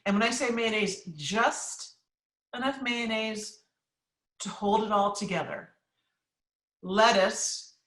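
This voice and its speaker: A bright, forceful-sounding woman chef from New England talks through recipes and audience questions, chatty and emphatic with plenty of ums. She sits a little back from the mic, and her voice carries a roomy echo. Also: medium pitch, far from the mic. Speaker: chef and cookbook author. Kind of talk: live cooking class Q&A, casual.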